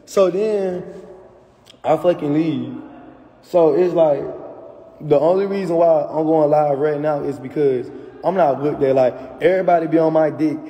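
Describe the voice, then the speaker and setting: A man's voice: fairly high pitch, a little slow, mellow. A young man venting angrily on a phone livestream, cursing as he talks to his viewers. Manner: angry, profane ranting to viewers. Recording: echoey room with long reverb.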